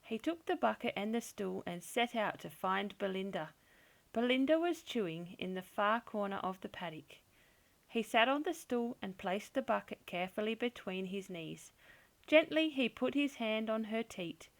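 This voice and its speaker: A woman reading a children's picture book aloud in a slow, gentle, expressive storytelling manner. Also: mid-range voice, gravelly. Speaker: storybook reader.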